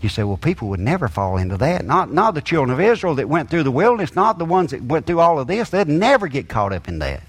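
A man's voice: on the high side, sing-song, fast, hardly any pauses, breathy edge. A man preaching a sermon with an emphatic, rising and falling cadence and folksy grammar.

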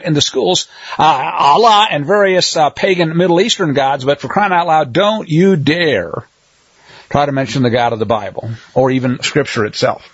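A man preaching a Torah lesson with a fairly high, husky voice. He talks with emphasis and sarcastic jabs. The dry, dull recording has no room sound. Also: no echo. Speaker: Torah teacher. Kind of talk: sermon.

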